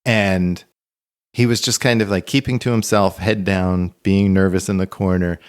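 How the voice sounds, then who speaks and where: A man's voice: sits low, fairly even intonation, normal speed, smooth. A man co-hosting a podcast in casual chat, rambling through anecdotes with many fillers. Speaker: podcast co-host.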